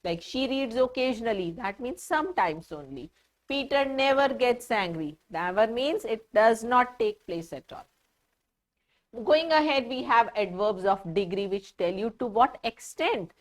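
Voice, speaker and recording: A woman's voice: on the high side, expressive, unhurried. A woman with an Indian English accent teaching a grammar lesson to children, explaining patiently with repeated examples and asking whether they follow.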